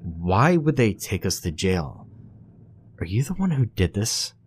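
A man's voice: fairly low pitch, very animated, a little slow, slight background noise. A man voicing a suspicious, frightened young woman in a spoken horror story, raising his voice and speaking sharply. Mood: accusing. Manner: sharp and accusing.

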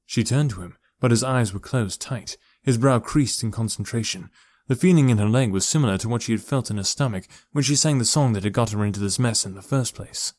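A man narrating an audiobook in a steady, measured storytelling voice. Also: medium pitch, dry recording. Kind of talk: scripted narration.

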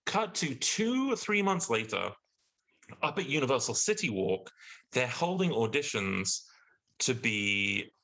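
A man with a British accent casually telling a story, animated and acting out the people he quotes, his pitch jumping up when outraged. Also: measured pace, rough recording. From Britain.

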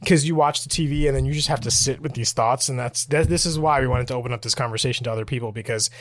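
A fast-talking man with a mid-range voice co-hosts a podcast, chatting casually and laughing often while reading listener emails aloud. There's no room sound, and the audio comes from a podcast mic on a video recording.

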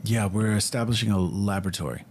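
A man's voice: on the low side, fast talker, a little mellow. A man playing in a tabletop roleplay game, asking eager questions in character and laughing now and then. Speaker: player.

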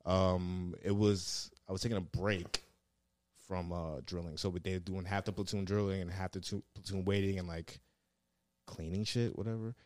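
A man's voice: deep voice, steady tone, normal speed, a little mellow, no echo. A man telling rambling, profanity-laced stories in casual chat, full of fillers. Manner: laid-back, swears a lot, lots of fillers. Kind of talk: casual storytelling.

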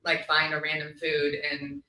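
A woman hosting a casual chat, talking freely with many ums and quick laughs. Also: sits low, completely flat delivery, pushed and bright. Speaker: host. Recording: roomy, mic at a distance.

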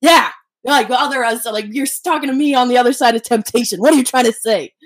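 A woman's voice: a little high, fast, no room sound, clean studio sound. A young woman co-hosting a casual podcast chat, rambling and swearing freely. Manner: rambling, swears a lot, animated. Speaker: podcast co-host.

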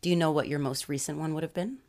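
A woman in her thirties from Florida, hosting a podcast in casual chat, her voice hoarse from being sick, swearing and laughing often. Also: low voice, fast, darkish tone. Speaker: podcast host and storyteller.

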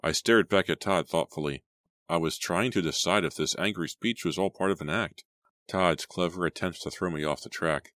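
A man narrating an audiobook in a steady, dramatic storytelling manner. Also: low-pitched, normal speed, no echo, clean studio sound. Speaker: audiobook reader.

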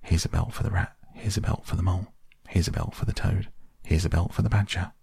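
A man's voice: deep voice, steady tone, quick pace, gravelly, warm tone, breathy edge, dry recording, clean studio sound, full character voice. A man voicing an anxious, fussy male water rat who mutters to himself. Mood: muttering.

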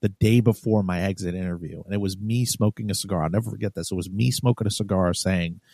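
A man's voice: low-pitched, fairly even intonation, fast talker, vocal fry, dark tone, no room sound. A man, a former police sergeant, telling his story in a casual interview, blunt and profane, often restarting his sentences. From New York. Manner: blunt, profane, heated retelling with many restarts.

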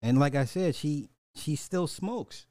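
A man's voice: on the high side, expressive, slow, mellow, no echo, studio quality. A man, reacting to music clips in casual commentary, blunt and petty, drawing out repeated words. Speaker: reaction streamer.

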